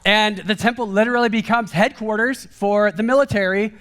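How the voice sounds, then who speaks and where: A man preaching a sermon in a casual, conversational way, animated and acting out quoted lines. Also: high voice, brisk. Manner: casual and chatty, peppered with "like" and "kind of"; animated, acts out quoted speech with a raised voice. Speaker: guest preacher. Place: church service.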